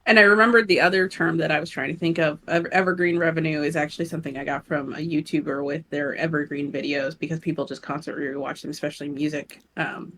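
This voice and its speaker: A woman's voice: low voice, fairly even intonation, fairly bright tone. A woman co-hosting a podcast in casual chat, talkative and hesitant with frequent ums. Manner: chatty, hesitant with frequent "um", quick to laugh. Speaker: podcast co-host.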